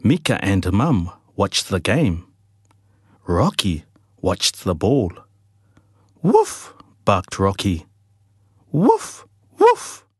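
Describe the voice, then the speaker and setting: A man reads a children's picture book aloud at a slow, careful pace. His husky voice rises and falls a lot as he tells the story. The recording is dry and close. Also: sits low, no room sound. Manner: slow, lively read-aloud with big jumps for dialogue. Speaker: storybook reader.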